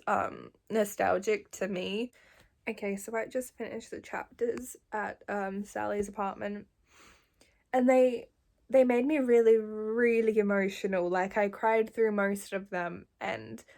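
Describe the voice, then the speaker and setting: A woman of about nineteen chatting casually in a reading vlog at home, gushing and emotional, often laughing. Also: medium pitch. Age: late teens. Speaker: vlogger.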